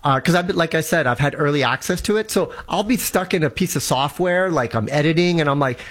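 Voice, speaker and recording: A man's voice: fairly high pitch, animated, quick pace, a bit bright. A man explaining tech in an eager, casual way, often restarting his sentences. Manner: enthusiastic, restarts a lot. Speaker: tech guest on a show.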